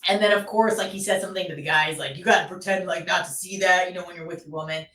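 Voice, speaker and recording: A woman co-host tells a long, lively story in relaxed chat, leaning on fillers as she goes. Her voice sits a little low. She sounds far from the mic in a roomy space. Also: rapid-fire. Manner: animated storytelling, many fillers. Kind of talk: casual chat.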